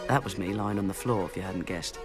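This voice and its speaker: An actor voices a young English man telling his story with cocky wryness. His voice is fairly low. Music plays beneath. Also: fairly quick, lightly acted. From England. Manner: cocky, wry. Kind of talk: film narration.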